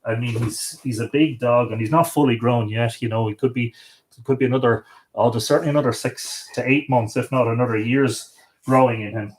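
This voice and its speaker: A middle-aged man with an Irish accent chats loosely on a home livestream. His voice sits at an ordinary middle pitch, and he rambles along with fillers and asides. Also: fairly even intonation, brisk. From Ireland. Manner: rambling, chatty, coaxing his dog in a sing-song voice. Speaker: livestream host. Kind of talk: casual livestream chat.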